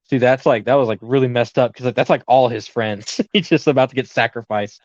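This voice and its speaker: A man's voice: medium pitch, fairly quick, no echo, muffled recording. A young man co-hosting a casual podcast, rambling with lots of fillers and easy laughter. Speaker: podcast co-host.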